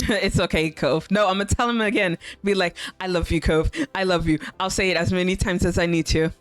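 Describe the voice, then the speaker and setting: A woman's voice: fairly low pitch, steady tone, a little fast, no echo, soft background music. A young woman streaming a visual novel, reading it aloud and chatting in a giggly, gushing way.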